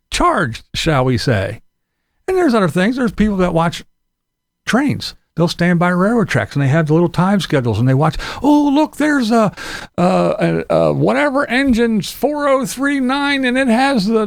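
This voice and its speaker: Middle-aged guy venting on his channel, gravelly voice jumping up and down, mocking and sarcastic, dry room. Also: on the high side, no room sound. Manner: sarcastic, mocking, repeats himself. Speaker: YouTube commentary vlogger. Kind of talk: ranting casual commentary.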